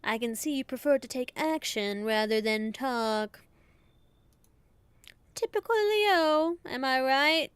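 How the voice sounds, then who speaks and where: A woman voicing a smug, mystical woman fortune teller in a put-on Southern drawl, talking slowly and condescendingly. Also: sits high, lively intonation, clear, resonant tone, dry recording. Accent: put-on American Southern. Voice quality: slow southern twang.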